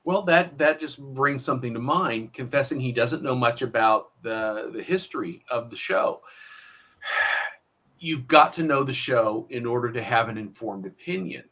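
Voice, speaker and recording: Bright-voiced analytical man. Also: mid-range voice. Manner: measured and analytical. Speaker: podcast co-host. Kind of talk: casual podcast discussion.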